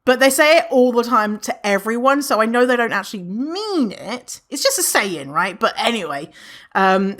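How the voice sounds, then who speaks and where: A woman chatting on her own podcast, with a pitch that swings high and low. She talks casually and playfully and keeps slipping into mock voices to act out what others say. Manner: playful, animated, acts out other people's remarks in mock voices. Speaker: podcast host. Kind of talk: casual solo podcast chat.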